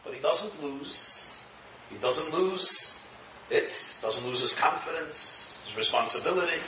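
Man, rabbi, high bright voice, lively Torah lecture, echoey room. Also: measured pace, a little hiss or hum. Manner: animated, acts out quotes, chuckles at own jokes. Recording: echoey room, distant mic, dull sound.

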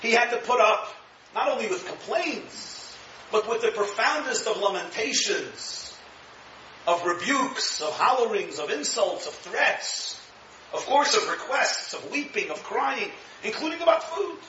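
Bright-voiced rabbi in an echoey room. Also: male voice, high voice, measured pace, slight background noise. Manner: animated, acts out quotes, chuckles at own jokes. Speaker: rabbi teaching Torah. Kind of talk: lively Torah lecture. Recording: echoey room, distant mic, dull sound.

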